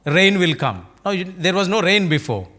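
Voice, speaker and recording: A man's voice: high voice, sing-song, moderate pace, pushed and bright. A male pastor with an Indian English accent preaching a sermon, telling stories and acting out their dialogue, often asking the congregation rhetorical questions. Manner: storytelling, acting out dialogue in varied voices.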